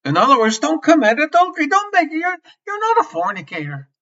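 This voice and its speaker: A man preaching a sermon with passion. He swings between loud emphasis and soft near-whispers and repeats key phrases. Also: very high voice, sing-song, fairly quick. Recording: slightly dull lo-fi sermon recording.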